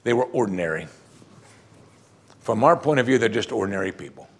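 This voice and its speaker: A man's voice: on the low side, lively intonation, brisk. A man preaching a sermon as pastor, emphatic, using rhetorical questions and musing hums between points.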